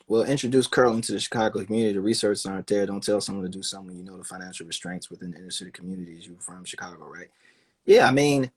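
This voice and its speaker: A man's voice: on the low side, a little mellow, slightly rough. A man in casual conversation, riffing in a profane, loose way and acting out quoted voices. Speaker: guest in conversation. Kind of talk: casual chat.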